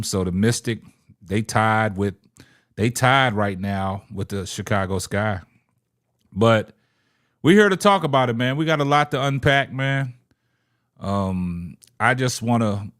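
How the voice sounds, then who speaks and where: A young man with a fairly low voice hosts a casual sports podcast livestream, talking loosely and shouting out viewers. He tags "man" onto nearly every phrase.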